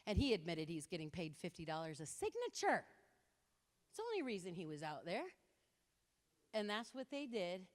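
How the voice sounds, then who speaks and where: A woman giving an impassioned talk to an audience, telling stories with lively quoted voices. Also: lowish voice. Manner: animated storytelling with quoted voices. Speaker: speaker. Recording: reverberant hall.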